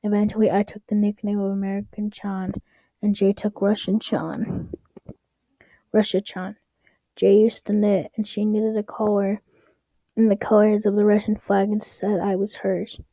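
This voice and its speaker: A woman's voice: medium pitch, level tone, normal speed, mellow, no echo, low-quality recording. A young woman reading online stories aloud in a casual way, stumbling over words and adding wry asides. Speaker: story reader.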